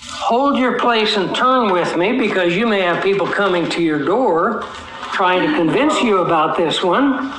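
A man preaching an expository sermon, teaching his congregation, asking them questions and slowing down to stretch key words for emphasis. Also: high-pitched, expressive. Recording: echoey room.

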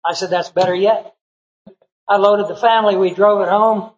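A man's voice: high-pitched, steady tone, normal speed, lo-fi sound, slight background noise. Man, middle-aged, pastor, folksy storytelling sermon, acted-out quotes.

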